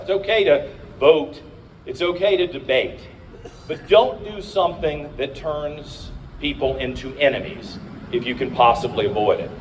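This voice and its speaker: A man's voice: a little high, distant mic, a little hiss or hum, poor audio. A middle-aged man from Virginia, a candidate and radio host, giving an emphatic speech to a crowd at an outdoor rally. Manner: emphatic, rousing, addresses the crowd.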